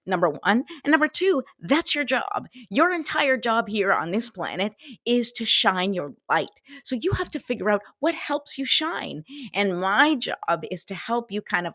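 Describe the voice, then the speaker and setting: Casting note: middle-aged woman host, chatty and upbeat, mid-pitched voice, dry close recording. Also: a bit bright, dry recording. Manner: chatty, upbeat, laughs often. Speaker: host and energy coach. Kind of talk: casual morning livestream talk.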